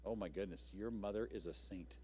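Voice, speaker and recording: A man's voice: sits low, fairly quick, dark tone, breathy edge. A man hosting a live local TV talk show in a studio, chatty and upbeat with loose, rambling asides.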